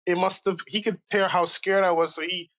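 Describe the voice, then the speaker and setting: Animated New man telling stories. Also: sits high, brisk, lo-fi sound. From Brooklyn, New York. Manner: animated, acts out voices in stories. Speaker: guest. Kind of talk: casual storytelling.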